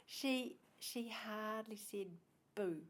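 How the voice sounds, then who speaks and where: A woman English teacher in a casual conversation. She is chatty and keeps answering with quick "yeah"s. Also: fairly high pitch. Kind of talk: casual interview chat.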